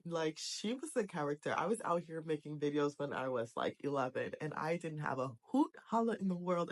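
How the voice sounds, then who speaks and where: A woman's voice: sits low, animated, a little fast, hardly any pauses. A young adult woman talking to camera in a casual vlog, earnest, emotional and encouraging. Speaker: vlogger. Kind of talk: casual heartfelt vlog talk.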